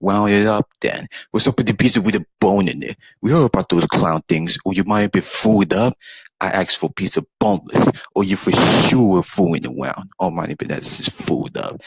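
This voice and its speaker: Man, somewhat low and husky, slangy joking delivery for a comedy parody; dry recording. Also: lively intonation, moderate pace, dry recording, poor audio. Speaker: parody video voice actor. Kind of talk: comedic parody role-play.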